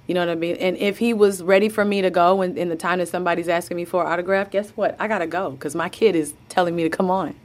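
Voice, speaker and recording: A woman's voice: fairly low pitch, fairly even intonation, fast talker, few pauses. A woman guest in an interview, chatting casually and telling family stories, laughing often and acting out what others said. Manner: laughs often, tells stories with quoted voices.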